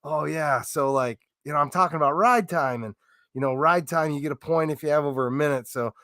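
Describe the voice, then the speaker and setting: A man's voice: fairly high pitch, brisk, pushed and bright, dry recording, clean studio sound. A man co-hosting a casual sports podcast, telling stories in a rambling way with lots of fillers and restarts. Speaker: podcast co-host.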